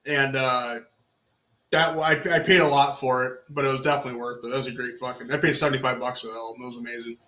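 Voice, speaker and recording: A man's voice: medium pitch, flat delivery, fast, pushed and bright, reverberant, low-quality recording. A man hosting a podcast, telling rambling stories in casual chat and swearing often. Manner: swears a lot, rambling storyteller. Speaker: podcast host.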